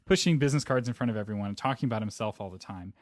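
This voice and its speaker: A man hosting a podcast in casual chat, explaining his points in a measured, reflective way. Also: fairly low pitch, no room sound, clean studio sound. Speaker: podcast host.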